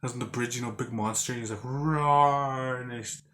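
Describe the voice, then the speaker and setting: A man's voice: medium pitch, little pitch movement, quick pace, a bit bright, slight background noise. A man casually recapping a video game he played, rambling with lots of "like" and restarts, and acting out characters with growls and sound effects. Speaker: game reviewer.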